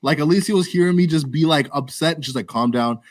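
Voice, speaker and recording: A man co-hosting a podcast, telling a story in casual chat, animated and swearing a lot. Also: a little high, quick pace. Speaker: podcast co-host.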